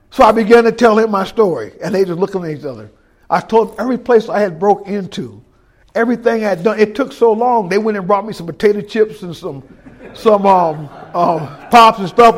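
Speaking a little fast in a high-sitting voice, a middle-aged man gives a sermon built on his own testimony. He tells the story by acting out others' voices, alternating between hushed and loud delivery.

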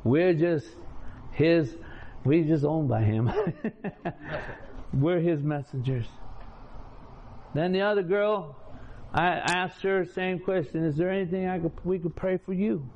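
Unhurried and fairly high-pitched, a man tells his testimony as a sermon in plain, homespun language, performing the dialogue himself. The lo-fi audio sounds dull, with faint room ambience and a bit of hiss or hum.

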